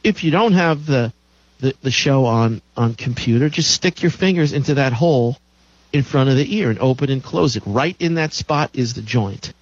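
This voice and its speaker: A man's voice: mid-range voice, animated, normal speed, no echo. A man hosting a health show, lecturing emphatically and repeating his key claims. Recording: dull lo-fi dry recording.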